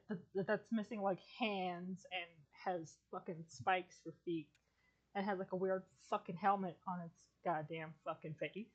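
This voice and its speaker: A woman chatting casually on a podcast, rambling through an anime plot with lots of fillers, restarts and swearing. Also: mid-range voice. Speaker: streamer and podcast guest. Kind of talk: casual chat.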